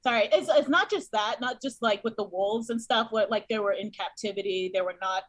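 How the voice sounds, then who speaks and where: A woman's voice: medium pitch, a little fast, dry recording. A woman guest on a podcast, telling her thoughts hesitantly with many fillers in casual chat.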